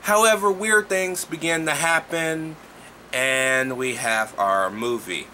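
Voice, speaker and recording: A man giving a casual, profane movie review, talking in an animated, exasperated way. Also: a little high, slow pace, a little hiss or hum.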